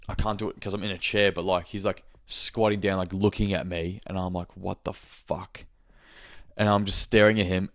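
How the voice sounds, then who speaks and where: A man's voice: low-pitched, no echo, studio quality. A young man hosting his own podcast, chatting loosely on his own with lots of fillers and casual swearing. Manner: loose and rambling, heavy filler "like", frequent swearing. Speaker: podcast host. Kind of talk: casual solo chat.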